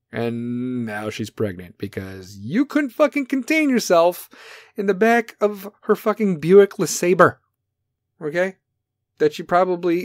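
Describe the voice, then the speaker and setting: A man hosting a talk show, ranting in a brash, profane, comedic way and now and then dropping into mocking high voices. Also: a little mellow, no echo, studio quality. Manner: brash, swearing, swings into mocking falsetto bits. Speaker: podcast host.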